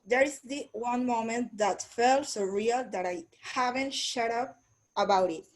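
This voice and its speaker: Woman student on a video call, higher voice, reads a paragraph aloud with care. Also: a little slow, rough recording. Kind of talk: reading a text aloud in class.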